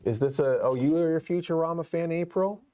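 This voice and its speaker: A man's voice: fairly high pitch, brisk, mellow, no room sound. A man hosting a horror movie show, chatting casually on a live stream and rambling with many restarts. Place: studio set.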